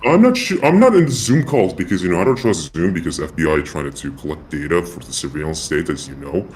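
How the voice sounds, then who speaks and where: A man's voice: sits low, expressive, fairly quick, a little mellow. A man talking through a voice changer as a caller in an online voice chat, rambling and repeating himself. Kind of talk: casual chat. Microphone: online voice chat mic.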